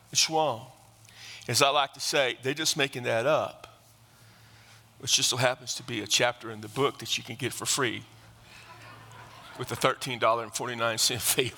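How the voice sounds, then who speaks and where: A male pastor preaching an emphatic sermon, building to excited, fast passages. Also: a little high, big-room sound.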